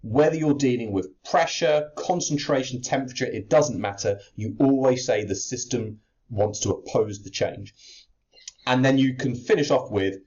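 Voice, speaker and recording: A man's voice: medium pitch, moderate pace, darkish tone. A man teaching chemistry exam technique, explaining step by step while he writes out a worked answer. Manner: explains step by step while writing, with fillers and restarts. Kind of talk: exam-prep lesson walking through a worked answer. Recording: slightly dull lo-fi audio.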